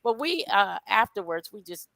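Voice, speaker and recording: Bright, chatty woman. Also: mid-range voice, sing-song, normal speed, gravelly, no room sound. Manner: chatty, laughing storyteller. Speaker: guest friend. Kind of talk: casual chat.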